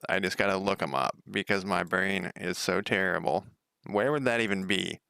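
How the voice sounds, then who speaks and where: A man's voice: sits low, moderate pace, gravelly, sharp tone, clear, resonant tone, no echo, clean studio sound. A man coding a game on a casual livestream, thinking aloud, rambling, swearing casually and chatting with viewers.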